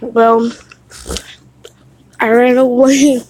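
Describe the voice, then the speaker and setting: A woman casually retelling a dream, slow and halting, with restarts. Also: a little high, level tone, darkish tone, low-quality recording. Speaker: storyteller.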